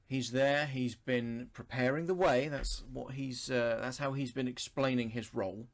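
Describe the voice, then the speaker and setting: This man leads a Bible study, reading scripture aloud and working through it verse by verse, thoughtful and unhurried, with pauses and self-corrections. His voice is medium-pitched and steady, with some vocal fry.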